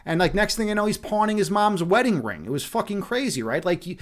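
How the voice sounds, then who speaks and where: A man's voice: high voice, animated, fast talker. Rambling man from Chicago, live-streaming. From Chicago, USA. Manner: rambling, many restarts and fillers, frequent swearing. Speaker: streamer, meditation host. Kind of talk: casual live-stream chat.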